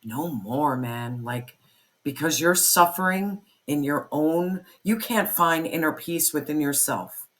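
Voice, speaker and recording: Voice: mid-range voice, slow, a bit bright. A tarot reader giving an intense, emphatic spoken reading, swearing freely and repeating phrases for emphasis. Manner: fiery, pep-talk delivery.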